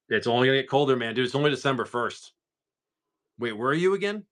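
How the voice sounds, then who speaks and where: A man's voice: mid-range voice, expressive, fairly quick, gravelly, fairly bright tone. A man from Massachusetts hosting a casual live stream, rambling in a laid-back way and swearing freely. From Massachusetts, USA.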